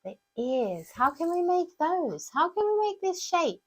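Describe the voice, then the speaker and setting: Lively woman teaching kids crafts. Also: very high-pitched, a little slow. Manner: warm sing-song teacher talk with lots of questions to the kids. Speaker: children's craft presenter. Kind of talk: crafts tutorial for children.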